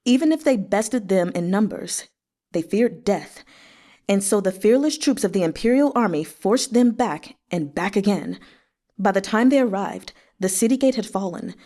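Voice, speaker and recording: A woman reading a novel aloud with expressive narration and emotional asides. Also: mid-range voice, moderate pace. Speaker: audiobook reader. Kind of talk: read-along narration with asides.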